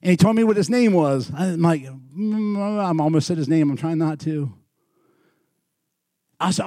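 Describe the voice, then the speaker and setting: A man preaching as a pastor, telling a story with animated swings from loud bursts to quiet, intimate passages. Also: on the high side, normal speed, no room sound, studio quality. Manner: animated, swings from shouting to hushed. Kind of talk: sermon storytelling.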